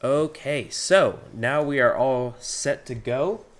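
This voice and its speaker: A man's voice: medium pitch, slow. Guy hosting his d&d livestream, goofy and jokey, ordinary mid voice. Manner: playful, goofy, laughing a lot. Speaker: host. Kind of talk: casual chat hosting a livestream.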